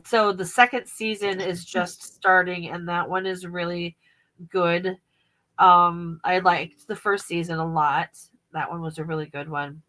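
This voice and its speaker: A bubbly woman hosts a casual podcast chat with a bright, clear voice. She gives quick affirmations and laughs often. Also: lowish voice, steady tone, rough recording. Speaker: podcast host.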